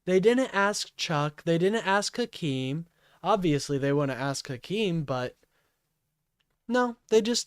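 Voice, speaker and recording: A man's voice: on the high side, animated, takes it slowly, clean tone, no echo, clean studio sound. A man hosting a livestream, ranting in an agitated, profane way and apologizing often.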